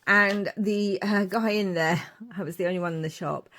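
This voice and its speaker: Woman in her forties, crafting vlogger, chatty and rambling, mid pitch. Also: steady tone, moderate pace. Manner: chatty, rambling, warm asides. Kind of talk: casual show-and-tell narration.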